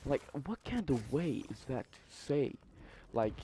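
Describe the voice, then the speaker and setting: A young man telling a story in a casual, profane, animated way, with exasperated asides. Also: on the high side, unhurried, hardly any pauses, a little hiss or hum. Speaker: vlogger.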